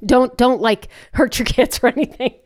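A woman's voice: sits high, steady tone, normal speed. A woman in her forties chatting frankly and animatedly about raising her kids. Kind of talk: casual chat.

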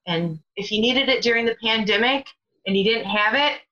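A middle-aged woman chatting in an animated way as a caller, sharing a story of thanks. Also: fairly high pitch, normal speed, muffled recording. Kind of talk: casual testimony.

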